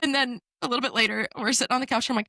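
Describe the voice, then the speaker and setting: A woman's voice: on the high side, fairly even intonation, very fast, gravelly, pushed and bright, no room sound. A woman in her thirties hosting a casual podcast chat, laughing often as she tells stories. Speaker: podcast host.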